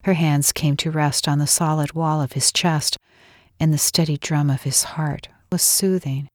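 A woman narrating a romance audiobook in a steady, intimate reading. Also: deep voice, a little slow, no echo, studio quality. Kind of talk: scripted narration.

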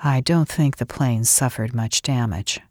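A woman voicing a gruff but soothing male pilot in a storybook. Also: extremely low pitch, moderate pace, darkish tone, no room sound, studio quality. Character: gruff, lean male pilot, guarded yet tender.

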